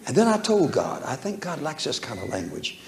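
A man's voice: on the high side, huge pitch swings, a little fast. A man preaching a storytelling sermon, folksy and humorous, chuckling as he talks, recorded in an echoey church hall. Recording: echoey hall with faint room noise.

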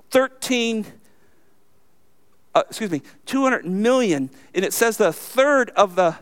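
A man with a high, light voice delivers a sermon from the pulpit. He preaches emphatically and keeps throwing rhetorical questions at his listeners. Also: fairly bright tone. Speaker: pastor.

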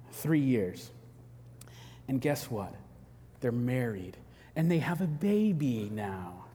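A man preaching a sermon, telling stories with animated, acted-out quotes. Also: on the high side, in a large hall. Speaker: pastor. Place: church hall.

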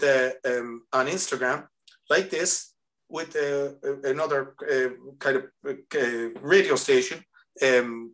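A man with an Irish accent, a singer chatting as a podcast guest and telling stories with quick asides. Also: fairly high pitch, a bit bright. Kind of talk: casual chat.

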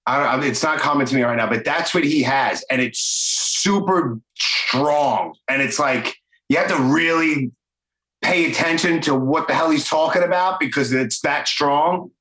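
A man's voice: a little high, moderate pace, pushed and bright, reverberant, rough recording. A man hosting a podcast, chatting casually and enthusiastically, swearing freely and rambling loosely. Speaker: podcast host. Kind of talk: casual interview chat.

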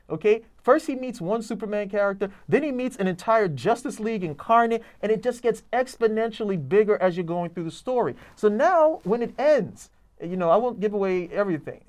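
A man's voice: high-pitched, expressive, fairly quick, a little mellow. A man reviewing comic books in casual chat, enthusiastic and rambling with lots of fillers.

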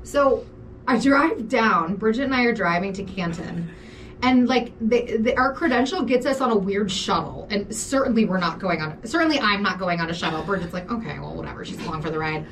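A woman co-hosting a podcast, telling a story in casual chat, animated and laughing, swearing freely. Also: mid-range voice, fairly quick, far from the mic, slight background noise. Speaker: podcast co-host.

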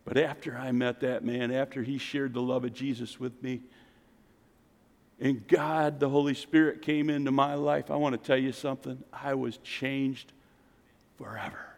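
A man preaching a sermon as pastor, swinging from loud exclamations to quiet, intense passages. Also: mid-range voice, steady tone, moderate pace, vocal fry. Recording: long reverb of a church hall.

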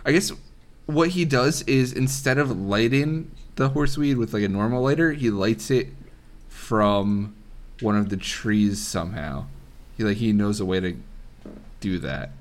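A man's voice: on the low side, measured pace. A man acting as game master, narrating a tabletop game casually with many restarts. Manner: laid-back, laughing, full of restarts.

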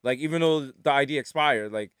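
A man's voice: mid-range voice, a little fast, clear, resonant tone, no echo, studio quality. A man, a podcast co-host from New York and former nightclub security, telling stories in casual chat and acting out the people he quotes. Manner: animated storytelling, acts out quotes.

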